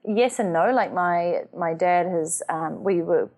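Chatty, lower-pitched woman guest. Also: a little slow. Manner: chatty and animated, with lively acted quotes. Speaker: podcast guest. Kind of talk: casual conversational interview.

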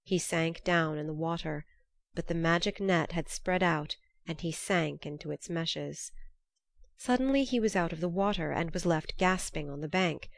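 A woman narrating an old myth in a measured, unhurried storybook reading. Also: on the low side, gravelly, dry recording.

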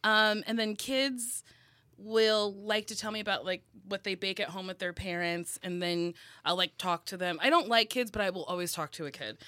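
Bubbly, bright-voiced woman telling stories. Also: medium pitch, moderate pace, dry recording. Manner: animated storyteller, laughs often, swears. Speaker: comedian and actress guest. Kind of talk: casual interview chat.

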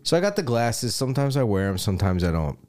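A man's voice: medium pitch, fast. A middle-aged man telling a funny story in casual podcast chat, laughing and swearing as he goes. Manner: animated anecdote with frequent swearing and laughter. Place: Los Angeles.

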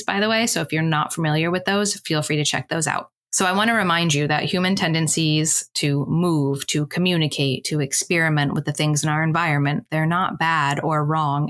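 A woman's voice: sits low, fairly bright tone. A woman in her thirties hosting a parenting podcast solo, chatty and candid with casual asides. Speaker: podcast host.

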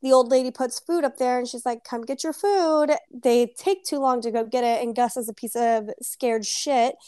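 Higher-voiced woman retelling a story. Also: steady tone, moderate pace, dark tone, clear, resonant tone, dry recording, studio quality. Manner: retells scenes acting out lines. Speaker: podcast co-host. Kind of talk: casual book club chat.

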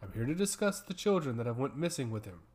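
A man's voice: medium pitch, very animated, fast talker, a little mellow, natural voice. A man voicing a determined blacksmith father, earnest and pleading. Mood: cold.

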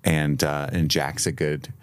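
A man co-hosting a podcast, talking in a casual, animated way with frequent laughs and swearing. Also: very deep voice, measured pace, smooth. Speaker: podcast co-host. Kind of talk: casual chat.

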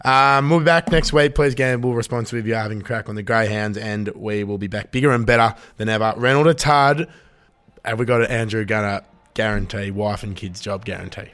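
A man's voice: lowish voice, brisk, fairly bright tone. An Australian man hosting a casual greyhound-betting podcast, joking and laughing his way through rambling banter. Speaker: podcast host. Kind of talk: casual sports betting chat.

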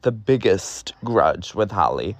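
Young male podcast host from Ohio, low-pitched and dry-sounding, blunt and profane, exasperated, quick sardonic asides. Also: animated, no echo. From Ohio, USA. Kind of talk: candid solo podcast monologue.

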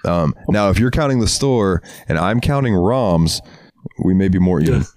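Laid-back low-voiced man with a lively pitch. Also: moderate pace, dry recording, clean studio sound. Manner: laid-back, laughs often, trails off with fillers. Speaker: podcast co-host. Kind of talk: casual podcast banter.

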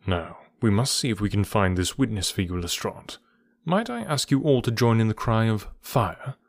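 A man voicing a composed, clever Victorian detective with a measured, dryly amused delivery in an audiobook. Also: fairly low pitch, animated, vocal fry, dry recording, clean studio sound.

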